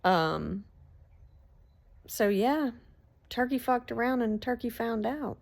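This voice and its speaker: A woman telling a story in a casual, animated way, swearing freely. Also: on the high side, slow, gravelly. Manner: animated, swearing, laughs between lines.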